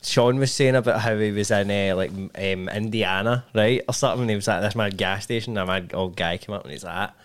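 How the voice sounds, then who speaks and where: A Scottish man hosting a podcast, asking questions and chiming in with quick "aye" agreements in casual chat. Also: fairly low pitch. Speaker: podcast host.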